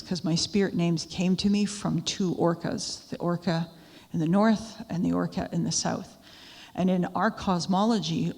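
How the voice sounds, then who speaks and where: Canadian lady giving a storytelling talk, lowish gravelly voice, long hall echo. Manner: warm conversational storytelling with asides to the audience. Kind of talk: storytelling talk to a live audience. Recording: echoey hall with long reverb.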